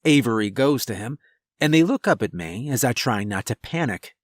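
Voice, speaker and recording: A man's voice: medium pitch, expressive, normal speed, dry recording, clean studio sound. A man narrating a first-person horror story in a tense, scripted delivery.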